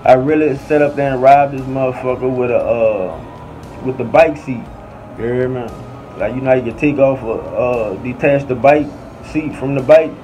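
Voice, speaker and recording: A man's voice: mid-range voice, moderate pace, mellow, faint music behind. A man with a New Orleans accent telling a story casually, full of slang and constantly asking "you hear me". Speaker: podcast storyteller. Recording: slightly dull audio with faint air conditioning hum.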